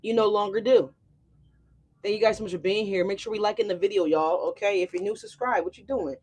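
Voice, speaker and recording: Animated, profane woman tarot reader. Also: medium pitch, brisk, breathy edge. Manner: animated, profane, talks straight to viewers. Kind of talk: casual tarot reading monologue.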